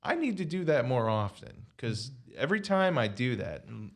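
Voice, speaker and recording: A man hosting a casual podcast, thinking aloud with relaxed hesitations. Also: medium pitch, normal speed. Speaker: podcast host.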